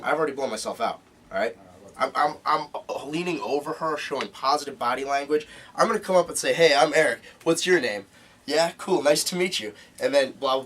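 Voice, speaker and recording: A man's voice: medium pitch, a bit bright, a little hiss or hum. A man teaching a live seminar to a group, emphatic and repeating key points, recorded from a distance. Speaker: seminar instructor.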